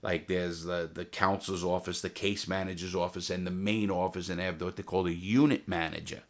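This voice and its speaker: A former jewel thief telling his prison stories in a casual, profane, animated way, full of restarts. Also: sits low, fairly quick. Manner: profane, animated, heated retelling with many restarts. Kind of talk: casual storytelling to camera.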